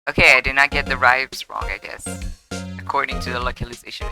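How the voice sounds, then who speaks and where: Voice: medium pitch, fairly even intonation, fairly quick. Casual live-stream commentary with laughing asides; game music underneath.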